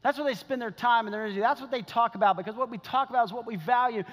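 A man's voice: extremely high pitch, very fast. Earnest preaching man in a reverberant hall. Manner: earnest, animated preaching with many restarts. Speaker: pastor. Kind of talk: sermon. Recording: long reverb of a large hall.

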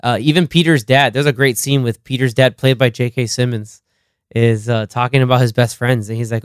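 A man co-hosting a casual movie podcast, retelling scenes in a rambling, animated way with lots of laughter. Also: medium pitch, brisk, clear, resonant tone, no room sound, clean studio sound. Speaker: podcast co-host. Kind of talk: casual film-review chat.

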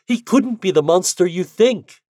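A frightened young woman pleads through her tears, as a man reading the story puts her on. Her voice is raised higher than his own, and it sounds close and dry. She begs and protests. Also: animated, measured pace, mellow, no room sound. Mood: pleading.

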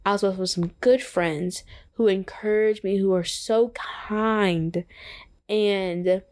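A woman's voice: mid-range voice, slow. Earnest young woman sharing her faith. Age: young adult. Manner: earnest and excitable, heavy use of "like". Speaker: podcast host. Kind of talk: casual faith-based reflection.

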